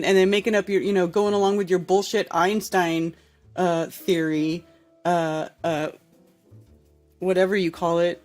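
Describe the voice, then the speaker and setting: Woman host, casual rant to camera, blunt and profane, soft music in the background. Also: on the low side. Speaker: podcast host. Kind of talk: casual live-stream rant.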